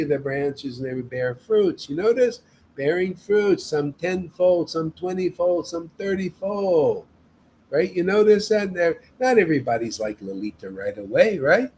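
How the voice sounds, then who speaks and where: A man's voice: a little high, lively intonation, unhurried, darkish tone, slight background noise, poor audio. A man leading a devotional meetup, preaching in an emphatic, casual way and often tagging his sentences with "man". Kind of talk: informal devotional sermon.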